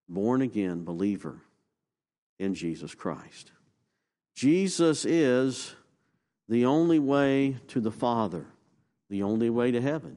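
A male pastor preaching a sermon, asking the congregation questions and rising to emphatic peaks before dropping low. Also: a little mellow. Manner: call-and-response questions, emphatic rises and low drops.

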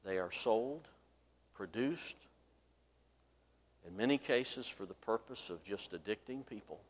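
A man's voice: on the low side, lively intonation, a little slow. A man preaching a sermon from the pulpit, telling a story and acting out its voices with rising force. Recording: long hall reverb.

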